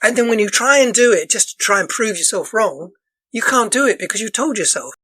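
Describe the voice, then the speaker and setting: A man with a voice going hoarse, a dance counsellor explaining things earnestly as a podcast guest, looping back and restarting his phrases as he talks. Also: sits high, lively intonation, fairly quick, pushed and bright, dry recording, low-quality recording. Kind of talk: casual podcast interview.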